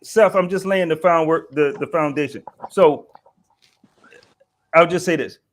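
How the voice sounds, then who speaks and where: A man's voice: fairly high pitch, unhurried. A man hosting an online discussion who rambles, restarts his sentences and banters easily with his guests. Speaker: host.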